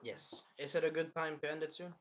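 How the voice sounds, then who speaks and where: Bright rambling young male reviewer. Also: a little high, level tone, fairly quick. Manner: rambling, filler-heavy, acts out scenes. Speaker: anime reviewer host. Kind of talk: casual video review.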